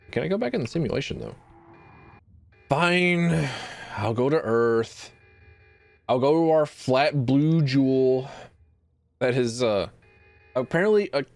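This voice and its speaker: A man streaming a game, rambling casually and jumping into excited high yelps. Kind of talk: let's play commentary.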